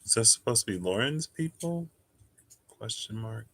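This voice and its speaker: A US-based tarot reader chats on a livestream in a fairly low, expressive voice that's a bit bright and slightly rough, at a moderate pace. Sleepy, he often excuses his yawns while thinking aloud and going through the chat as he searches.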